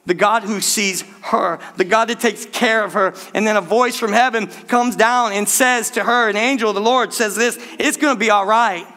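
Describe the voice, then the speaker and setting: Middle-aged preacher, man, bright and high-pitched, lively narrative sermon style. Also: normal speed, few pauses. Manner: animated storytelling, addresses congregation as "church". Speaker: pastor.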